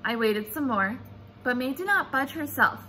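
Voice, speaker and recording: Woman, storybook read-aloud, high lively voice, bright tone, expressive delivery. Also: normal speed, slight background noise. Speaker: reader. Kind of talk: reading a children's book aloud.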